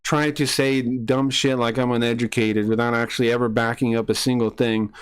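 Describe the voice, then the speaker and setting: A man's voice: mid-range voice, little pitch movement, brisk, clean tone. A man streaming live, ranting angrily and profanely as he accuses a chatter of lying. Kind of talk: heated live-stream argument with chat.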